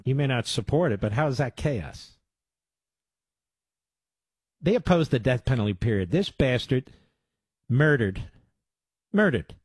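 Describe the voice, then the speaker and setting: A man's voice: medium pitch, very animated, normal speed, slightly rough, no room sound. A man hosting talk radio, combative and sarcastic, cutting into clips with insults. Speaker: radio talk show host.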